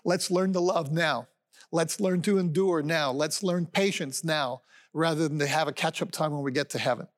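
A man's voice: on the high side, moderate pace. A man in his sixties preaching a sermon as a pastor, earnest and conversational, often calling his listeners friends. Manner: conversational preaching with fillers and restarts.

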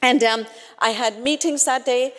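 A woman's voice: on the high side, steady tone, measured pace, a bit bright. A woman giving a conversational sermon, telling personal stories in a chatty way with frequent tag questions and restarts. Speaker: speaker at a church gathering. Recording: long reverb, as in a hall.

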